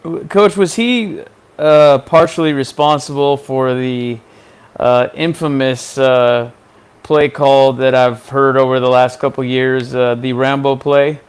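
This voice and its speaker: A male sports radio host with a smooth, clear voice asks hesitant questions full of fillers. He speaks at an unhurried pace and does not rush. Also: medium pitch, fairly even intonation. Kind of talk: interview questions.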